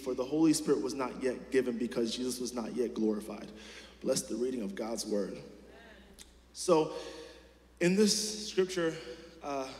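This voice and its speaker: A man's voice: fairly high pitch, a little mellow. A man preaching a sermon in a casual, chatty way, full of fillers and restarts and questions put straight to the congregation. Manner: talks directly to the congregation with questions. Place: church hall. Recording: echoey hall with long reverb.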